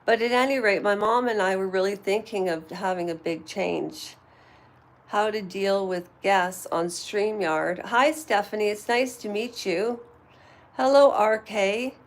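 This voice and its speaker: Woman, livestream host, unhurried, chatty and rambling, home stream. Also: medium pitch. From Canada. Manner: rambling, chatty, many fillers and asides. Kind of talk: casual live chat. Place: at home while cleaning.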